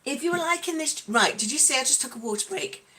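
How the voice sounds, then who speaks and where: Bubbly higher-voiced woman chatting on a livestream. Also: animated, quick pace, bright, forceful tone. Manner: bubbly, chatty, calls out viewers by name; playful, breaks into song. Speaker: livestream host. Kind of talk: casual livestream chat.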